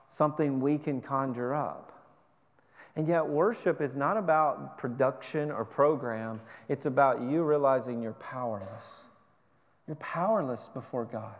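A man preaching a sermon with passion, retelling scripture in the first person and pleading with his listeners. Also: mid-range voice. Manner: impassioned preaching, rising and falling, paraphrasing scripture in first person. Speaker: pastor. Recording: long hall reverb.

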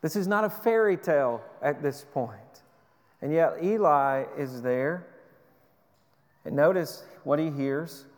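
A man's voice: a little high, expressive, slow, a little mellow. A man preaching a sermon with passion, retelling scripture in the first person and pleading with his listeners. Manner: impassioned preaching, rising and falling, paraphrasing scripture in first person. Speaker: pastor. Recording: long hall reverb.

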